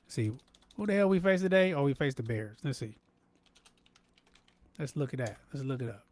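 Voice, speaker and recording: A man hosting a live sports podcast, animated and emphatic, repeating himself and talking straight to his chat. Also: medium pitch, moderate pace. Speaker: podcast host. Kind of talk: live-stream sports talk.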